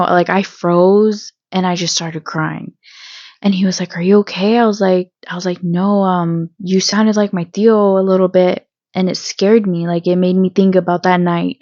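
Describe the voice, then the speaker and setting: A woman hosting her own channel, telling a personal story in a hesitant vlog style with many pauses and restarts. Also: lowish voice, a little mellow, no room sound, muffled recording. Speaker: channel host.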